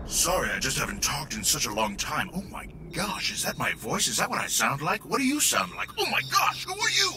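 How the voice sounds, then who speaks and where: An actor playing a disembodied male brain in a jar, confused and grandiose, swinging wildly in pitch in a video game. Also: wildly swooping pitch, brisk, hardly any pauses, background noise. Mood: euphoric wonder. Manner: wildly swinging pitch, euphoric, breathless wonder. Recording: game audio with music behind.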